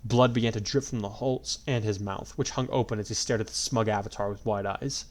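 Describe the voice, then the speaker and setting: A man narrating a fan-fiction story at a steady, unhurried pace. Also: on the low side.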